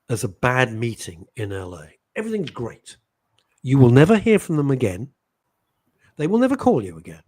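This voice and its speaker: Lively husky man, middle-aged. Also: medium pitch. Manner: animated storytelling with mimicked voices. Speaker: talk show host. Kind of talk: casual chat.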